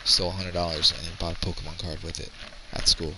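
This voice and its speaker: A man's voice: deep voice, flat delivery, fast, noisy background. A man in his thirties telling a rambling, profane story in casual chat. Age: 30s.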